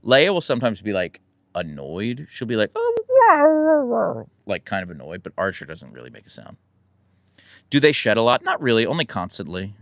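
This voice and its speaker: A relaxed American man chatting with his live audience, rambling and poking fun at himself. His low voice carries a gravelly fry and swings up and down a lot as he talks. The sound is close and dry, with no room around it. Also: fairly quick, no room sound. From United States. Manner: relaxed, rambling, self-deprecating. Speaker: livestream host answering chat. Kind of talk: casual live chat.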